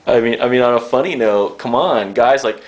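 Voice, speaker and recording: A man's voice: medium pitch, fairly quick. A young man interviewing a guest, rambling, joking and swearing freely as he gets emotional.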